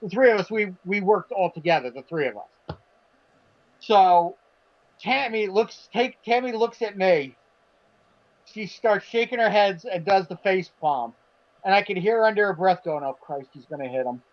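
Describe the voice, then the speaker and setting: High-voiced man telling a story. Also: measured pace. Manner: animated, acts out quotes, swears. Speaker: podcast co-host. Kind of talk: casual storytelling chat. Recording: dull lo-fi stream audio.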